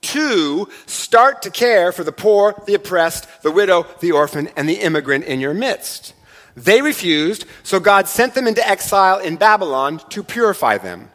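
A man's voice: high voice, sing-song, normal speed, a bit bright. A middle-aged male pastor, giving a conversational sermon and joking with the congregation. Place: church sanctuary. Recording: long hall reverb in a church.

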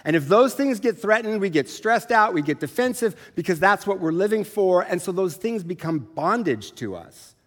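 Man, middle-aged, pastor, sermon, conversational, slightly raised pitch, long church reverb. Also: lively intonation, normal speed, few pauses. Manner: conversational, self-deprecating preaching. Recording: long reverb of a large hall.

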